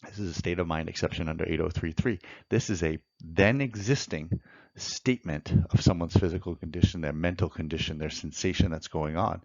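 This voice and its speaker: A man's voice: low-pitched, fairly quick, a little mellow, dry recording, highs cut off. A man teaching evidence law in a methodical lecture, walking through courtroom examples step by step. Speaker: law instructor.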